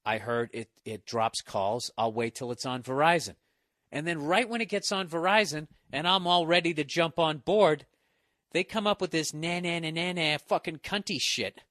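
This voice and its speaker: Bright, dry-sounding exasperated man. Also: on the high side, moderate pace, dry recording. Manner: profane, exasperated, rambling. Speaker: podcast host. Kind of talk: solo ranting monologue.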